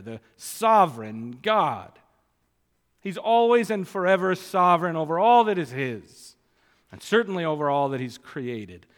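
A man preaches an expository sermon, speaking slowly and deliberately in a fairly high voice. He leans hard on key phrases, drawing them out for emphasis, and a long echo trails behind him as in a large hall.

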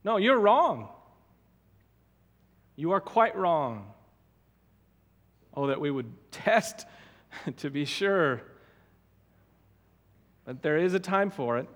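Delivering an expository sermon, a male pastor speaks in a fairly high, fairly bright voice, very animated but slow, pausing often. He stresses key words and repeats himself for emphasis, and a long church-sanctuary reverb trails his voice.

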